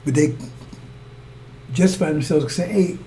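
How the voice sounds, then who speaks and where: Here a preacher with a slightly high, dark voice speaks at a moderate pace, with slight background noise present. His sermon loops and repeats, and he calls his listeners brothers and sisters while checking they can follow him.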